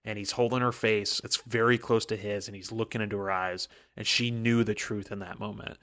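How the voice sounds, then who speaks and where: A man's voice: on the low side, fairly even intonation, fairly quick, fairly bright tone. A man co-hosting a podcast, recapping a book in a rambling, casual way with many fillers. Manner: rambling, lots of "like" and "um". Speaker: podcast co-host.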